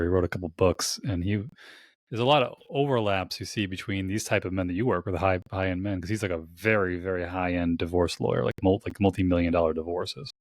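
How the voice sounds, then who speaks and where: A man's voice: low voice, dry recording, clean studio sound. A man hosting a podcast, talking in a casual, rambling way, swearing freely and laughing easily. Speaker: podcast host. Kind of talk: casual conversational interview.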